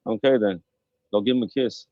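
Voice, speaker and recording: A man's voice: on the low side, fairly quick, mellow, dry recording, muffled recording. A man taunting and mocking another guest, calling in to a heated livestream panel. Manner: taunting, mocking, repeats jabs. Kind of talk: heated insult exchange on a livestream. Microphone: phone call.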